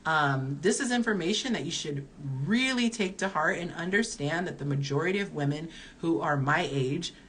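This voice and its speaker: A woman's voice: low voice, moderate pace, hardly any pauses, a bit bright, slight background noise. A woman in her early forties, a dating coach, giving candid advice in a chatty live-stream Q&A while reading viewer comments aloud. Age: early 40s.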